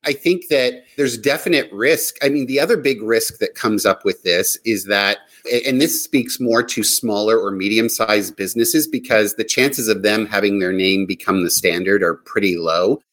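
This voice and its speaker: A man with a fairly low voice talks through business ideas in a relaxed panel discussion. He explains each point steadily and plainly. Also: moderate pace, few pauses, poor audio.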